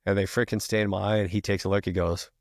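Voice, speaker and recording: A middle-aged retired firefighter telling a long story as a podcast guest, casual and profane, peppering every sentence with "freaking". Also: male voice, low voice, flat delivery, quick pace, darkish tone, no room sound, studio quality.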